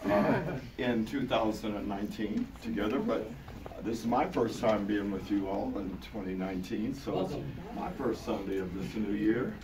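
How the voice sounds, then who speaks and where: An older man preaching a sermon to his congregation with a hoarse, partly gone voice, talking earnestly and casually, repeating words for emphasis. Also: fairly low pitch, steady tone, normal speed, a crowd in the background. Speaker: pastor. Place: large church hall with congregation. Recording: echoey hall, taken from far off, noisy.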